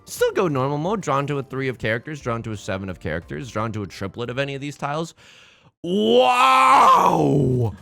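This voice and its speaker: A man hosting a let's play, giving excitable, jokey commentary full of exclamations as he plays. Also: medium pitch, very fast, few pauses, faint music behind. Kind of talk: live gameplay commentary.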